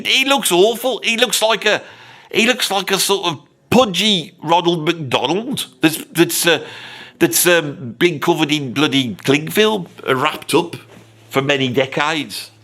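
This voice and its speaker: A man doing a brash Brummie bloke who rants and brags about rock stars, blunt and loud-mouthed with a Birmingham accent. His voice sits fairly high and rings out bright and forceful, and he swears through every comic story. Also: measured pace. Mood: mocking. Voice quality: swears constantly, blunt and boastful. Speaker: comic character host. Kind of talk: comedic rant monologue.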